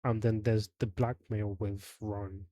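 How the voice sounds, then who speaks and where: Mellow-voiced man streaming a game. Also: lowish voice, little pitch movement, slow pace, dry recording. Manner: acting out several characters, laughing. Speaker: streamer playing a courtroom game. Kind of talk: reading game dialogue aloud with voices. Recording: faint game music behind.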